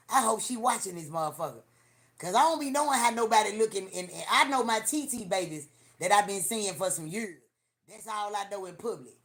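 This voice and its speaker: A woman hosting a livestream, telling profane, animated stories in casual chat with lots of repetition. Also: fairly low pitch. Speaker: livestream host. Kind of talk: casual storytelling to a live audience.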